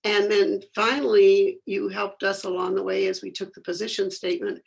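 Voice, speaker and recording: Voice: mid-range voice, flat delivery, moderate pace, creaky, breathy edge. A former committee chair giving an earnest, appreciative prepared tribute.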